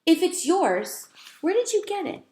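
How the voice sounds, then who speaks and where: A woman's voice: extremely high pitch, very animated, a little slow, warm tone, voice pushed up, heavily acted. A woman voicing a curious, doubtful young boy who hesitates before answering. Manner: incredulous, hesitant. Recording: roomy echo.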